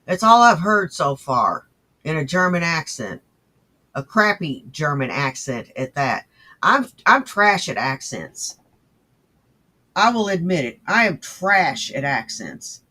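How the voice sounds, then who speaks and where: A man's voice: on the high side, sing-song, slow pace, bright, forceful tone. A man hosting a profane reaction show, mocking and sarcastic as he talks back to clips. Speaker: host.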